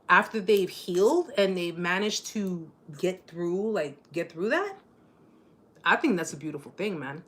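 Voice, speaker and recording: A woman's voice: fairly low pitch, fairly bright tone. A woman in her forties hosting a casual live-stream chat, bubbly and joking, laughing often. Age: 40s.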